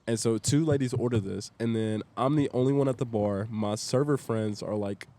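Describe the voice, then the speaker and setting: A young man tells a story as a podcast guest, in a loose and chatty way. He gets animated and acts out each quoted line as he goes. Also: lowish voice, normal speed. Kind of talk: casual storytelling.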